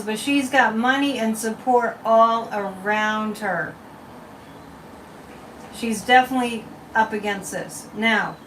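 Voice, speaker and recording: A woman's voice: a little high, fairly bright tone, far from the mic, a little hiss or hum. A woman psychic hosting a casual livestream card and tea leaf reading, chatting and rambling straight to her viewers. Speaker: psychic reader and channel host. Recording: roomy sound from away from the mic.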